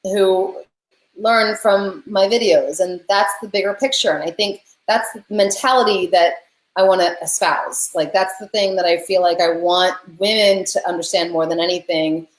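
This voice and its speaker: A woman's voice: fairly low pitch, steady tone, moderate pace, reverberant, low-quality recording. A woman hosting a casual interview, speaking in a reflective, encouraging way. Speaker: host.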